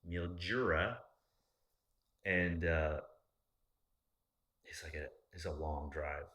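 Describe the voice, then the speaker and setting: A man chatting casually as a podcast host, rambling and swearing freely in an animated way. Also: rumbling low, slow pace. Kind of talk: casual chat.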